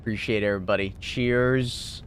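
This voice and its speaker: A man chatting casually on a livestream, laughing often and thanking viewers excitedly. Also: on the low side, normal speed. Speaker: streamer.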